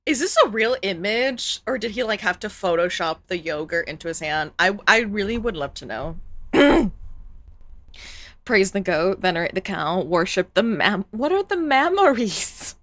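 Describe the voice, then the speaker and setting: A woman streams a casual live reaction with a rambling, giggly, exclamatory way of talking. Her voice sits at a middle pitch. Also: normal speed, fairly bright tone, no room sound.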